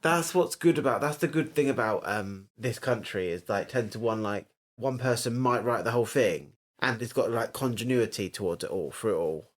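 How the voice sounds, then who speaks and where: A man's voice: mid-range voice, moderate pace, hardly any pauses. Playful, blunt podcast man. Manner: playful, blunt, quips in mock voices. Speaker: podcast co-host. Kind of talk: casual chat reviewing a TV series.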